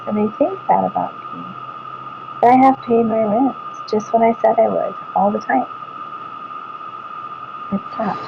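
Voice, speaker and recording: A middle-aged woman with a Texan accent talking casually to her viewers as she shows her computer screen. She speaks in a calm, even way, rambling, trailing off and starting over. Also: mid-range voice. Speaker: vlogger. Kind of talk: casual talk to camera while showing her computer screen. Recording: dull lo-fi home recording with clear background noise.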